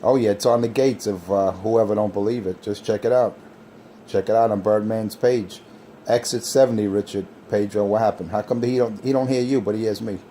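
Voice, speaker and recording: A man's voice: fairly low pitch, fairly even intonation, brisk, warm tone, a little hiss or hum. A man on CB radio, scornfully picking apart a rival's equipment and skills. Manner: scornful, technical put-downs. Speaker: CB radio operator. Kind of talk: on-air radio banter.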